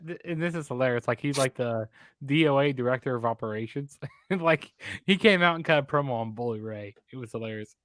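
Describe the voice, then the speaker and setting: A man in a casual panel chat, excitable and laughing often, repeating catchphrases. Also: medium pitch, a little fast, dry recording.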